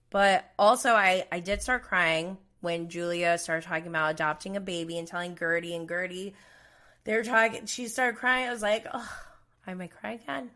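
A woman's voice: fairly low pitch, moderate pace, fairly bright tone. A young adult woman hosting a podcast, chatting casually and gushing over reality TV, laughing often as she recaps. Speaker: podcast host.

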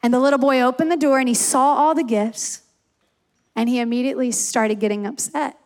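High-voiced woman preaching emphatically. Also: fairly even intonation, brisk. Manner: emphatic, repeats key lines for stress. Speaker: campus pastor. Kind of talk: sermon with personal stories.

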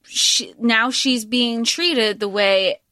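A woman co-hosting a podcast, chatting casually about a movie in an animated, emphatic way with quick asides. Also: a little high, no room sound, clean studio sound. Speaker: podcast co-host.

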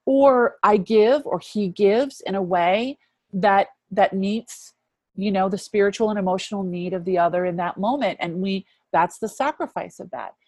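A woman in her fifties sharing a personal faith testimony as an interview guest, earnest and reflective, often dropping to a hushed voice. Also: medium pitch, normal speed, no echo. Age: 50s.

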